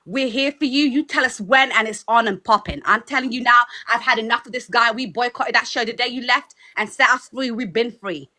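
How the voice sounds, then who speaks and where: A woman's voice: on the high side, fairly quick, few pauses, pushed and bright. A woman with an accent giving a fiery, preachy pep talk as a guest on a livestream. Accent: foreign accent. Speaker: guest speaker.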